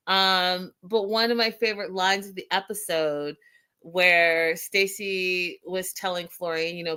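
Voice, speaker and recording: A woman hosting a casual reality TV recap, telling scenes with animated retellings and frequent laughter. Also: fairly low pitch, unhurried, clean tone. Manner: animated storyteller, acts out quotes, laughs often. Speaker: host.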